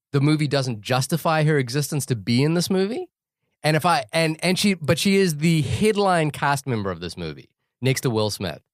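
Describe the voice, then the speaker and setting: A man's voice: on the high side, no echo, studio quality. A man co-hosting a movie podcast, talking casually with many restarts and digressions. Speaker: podcast co-host. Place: podcast studio.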